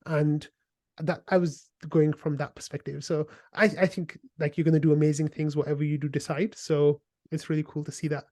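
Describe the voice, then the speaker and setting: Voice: mid-range voice, little pitch movement, fairly quick, mellow, no echo, clean studio sound. A podcast host in casual interview chat, eager and chatty with lots of "like".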